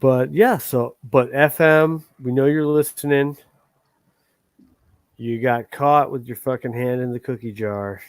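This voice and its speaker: A man's voice: mid-range voice, fairly even intonation, measured pace, no room sound. A man hosting a livestream, ranting in a heated, profane and rambling way. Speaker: livestream host.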